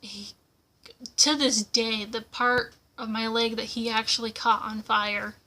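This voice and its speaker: A woman's voice: fairly high pitch, steady tone, a little slow, bright, forceful tone. A young woman from the United States telling a personal story to camera at home, casual, with lots of fillers and acted-out quotes. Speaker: vlogger.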